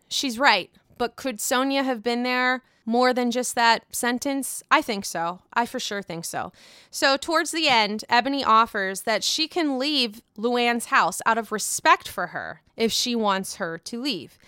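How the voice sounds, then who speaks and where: A woman's voice: on the high side, unhurried, pushed and bright, clear, resonant tone, no room sound, studio quality. A young woman giving casual, opinionated commentary on a reality show, candid and frustrated, swearing often and asking herself rhetorical questions.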